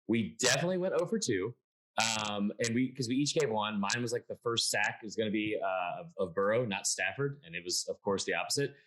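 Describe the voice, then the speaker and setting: A man's voice: lowish voice, a little fast, fairly bright tone, a little hiss or hum, poor audio. A man from Atlanta hosting a casual sports panel by video call, telling stories with lots of restarts. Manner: rambling storyteller with many restarts. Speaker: sports show host.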